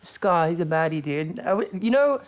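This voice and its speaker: A woman's voice: on the low side, expressive, moderate pace. A woman with an English accent in her thirties, hosting a casual chat, blunt and laid-back, swearing freely. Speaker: podcast host and wrestler.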